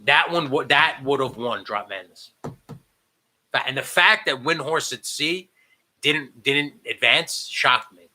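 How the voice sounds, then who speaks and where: Profane ranting podcast man, bright voice. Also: mid-range voice, takes it slowly. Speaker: podcast co-host. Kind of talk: casual chat. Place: home, remote recording.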